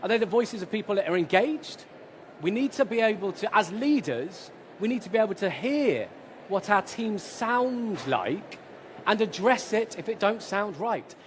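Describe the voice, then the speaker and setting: Upbeat male presenter, high voice. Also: slight background noise. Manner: energetic, chatty, jokey asides. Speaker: conference presenter. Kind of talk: conference talk.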